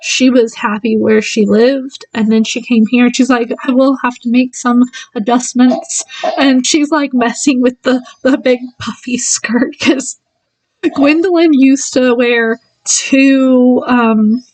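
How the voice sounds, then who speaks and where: A woman's voice: fairly high pitch, fairly even intonation, takes it slowly, darkish tone, no echo, recorded from a distance, low-quality recording. A woman casually reviewing a book, retelling the plot in a rambling way with many fillers and laughs.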